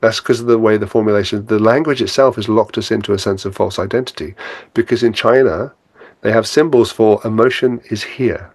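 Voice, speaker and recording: A man's voice: fairly low pitch, brisk, a little mellow, dry recording. A man guesting on a podcast as a spiritual teacher, talking casually and reflectively, laughing often and acting out his own inner thoughts.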